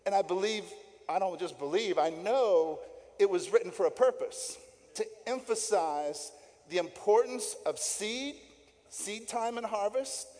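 A man with a high but mellow, warm voice delivers an emphatic sermon. He is middle-aged and talks to the congregation directly, driving points home with repetition and tag questions. A long reverb from the sanctuary trails every phrase. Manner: emphatic, keeps asking "right?" and repeating key points. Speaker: lay guest preacher. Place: church sanctuary.

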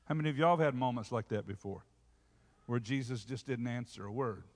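A man preaching a sermon as pastor, peppering it with call-and-response asides and rising to loud shouts. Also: mid-range voice, brisk. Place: church sanctuary. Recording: hall reverb.

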